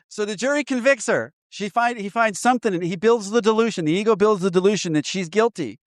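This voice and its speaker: A man sponsoring in a recovery program, walking a listener through an inventory in a lively, joking way with frequent laughter. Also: high voice, fast talker, hardly any pauses, no echo, studio quality. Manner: animated, laughs often, acts out voices. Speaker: AA sponsor guiding a step inventory. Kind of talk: casual teaching talk.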